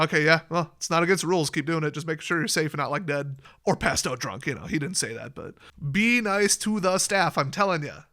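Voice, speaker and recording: Bright, chatty man rambling casino tips. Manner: rambling and chatty, acting out quoted dialogue with sudden high jumps; deliberately clear, well-spoken diction. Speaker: YouTube host giving casino advice. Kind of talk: casual advice monologue.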